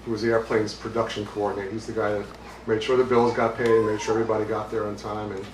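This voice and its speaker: A man's voice: on the low side, flat delivery, fast, slight background noise. Middle-aged man, from Brooklyn, author reading in a bookstore, chatty asides, echoey room, distant mic. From Brooklyn, New York. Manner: conversational, hesitant with fillers, amused. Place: bookstore, indoors, with audience. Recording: roomy, distant mic, faint ambience.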